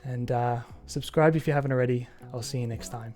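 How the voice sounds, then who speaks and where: Earnest halting man. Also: mid-range voice, steady tone, a little mellow, faint music behind. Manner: earnest, halting, many ums. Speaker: podcast host. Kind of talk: casual solo podcast talk.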